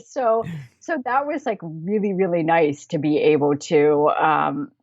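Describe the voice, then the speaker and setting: Chatty American woman, low voice, dull dry audio. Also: measured pace, darkish tone, no echo. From United States. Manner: chatty, laughs often, many fillers. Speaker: guest, travel planner. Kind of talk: casual podcast interview.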